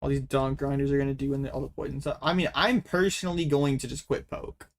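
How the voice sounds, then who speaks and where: A young man talking through an online card game in casual commentary. His voice sits at an ordinary middle pitch, and he talks in an excitable way, quick to break into dramatic complaints.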